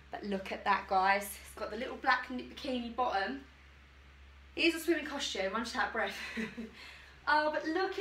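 A woman's voice: high voice, bright, forceful tone, far from the mic, slight background noise. Bubbly woman in an echoey room. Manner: bubbly, giggly, self-deprecating. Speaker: YouTuber. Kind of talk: chatty try-on haul vlog.

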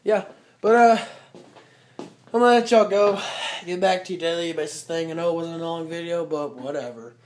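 Casual vlogger, constant swearing, rambling, drawn-out fillers, handheld camera, backyard walk. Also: mid-range voice, a little mellow. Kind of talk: casual home vlog. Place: home and backyard, walking around.

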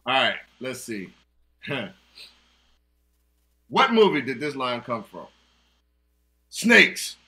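Host: man, bright forceful tone, lively delivery, playful teasing, video call. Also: mid-range voice, drawn-out words, pauses often. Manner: laughs often, teasing and playful. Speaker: trivia host. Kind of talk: casual online game hosting. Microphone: video call mic.

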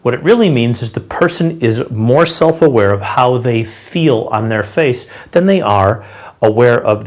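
A man teaching sales body language straight to the camera, showing each gesture with his hands and feet as he explains it in a direct, conversational way. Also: medium pitch. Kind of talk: instructional talk to camera.

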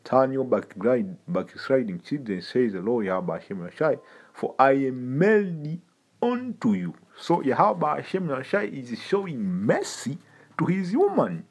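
A man's voice: mid-range voice, sing-song, measured pace, slightly rough. A man preaching an informal sermon in an emphatic, repetitive, streetwise way, often calling listeners "man".

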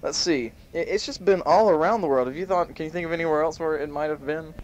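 A man hosting an amateur home-made show, reading a list aloud in a mock-serious way and punching the quoted bits loudly. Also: fairly high pitch, fast talker. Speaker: host. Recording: muffled home tape with faint hiss.

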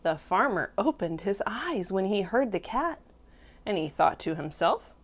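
Female teacher reading a storybook aloud, lively pitch, slow and expressive. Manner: expressive, slow, questions to the children. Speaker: preschool teacher. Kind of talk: storybook read-aloud for toddlers.

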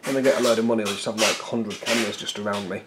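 A man's voice: on the low side, steady tone, very fast, heavy background noise. A man hosting a miniature painting video, chatting casually and self-deprecatingly while he paints. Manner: joking, rambling, self-deprecating. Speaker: miniature painting channel host.

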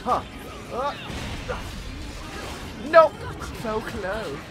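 A young man giving casual, excitable commentary while playing a video game, swearing and repeating lines from the game. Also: high voice, very slow, over music, crowd noise. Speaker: gameplay video host. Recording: loud game soundtrack behind.

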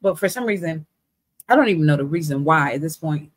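Husky woman sharing a faith testimony. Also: deep voice, fairly quick, dry recording. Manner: candid, conversational, lively storytelling. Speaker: Christian beauty vlogger.

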